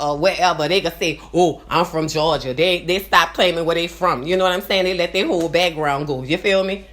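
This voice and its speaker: A woman in her forties with a nasal New Orleans accent, rambling to her viewers in a casual monologue and often checking in with "you understand?". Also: fairly low pitch. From New Orleans, USA. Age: 40s. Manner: rambling, repeats "you understand?", swings between loud and quiet. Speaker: vlogger.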